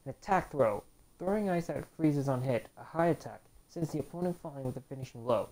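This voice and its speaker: A woman's voice: extremely low pitch, animated, brisk, dark tone. A woman casually commenting on a fighting game as she plays, reading move descriptions aloud and groaning when she loses. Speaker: gameplay commentator. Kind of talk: casual let's-play commentary.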